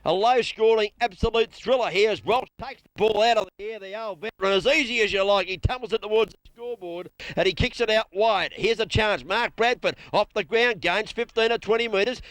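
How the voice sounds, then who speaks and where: A man with an Australian accent calling local football play by play, excitable and rapid. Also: high-pitched, dry recording. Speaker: play-by-play commentator.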